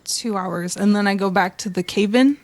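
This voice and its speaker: A woman's voice: mid-range voice, moderate pace, darkish tone. A woman player in a tabletop role-play, talking casually.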